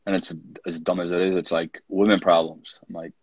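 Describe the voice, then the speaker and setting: Husky-voiced man telling coaching stories. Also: low voice, brisk, hardly any pauses, no room sound, highs cut off. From Poland. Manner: animated anecdotes, acts out his own quoted lines, many fillers. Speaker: college soccer coach, podcast guest. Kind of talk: casual storytelling interview.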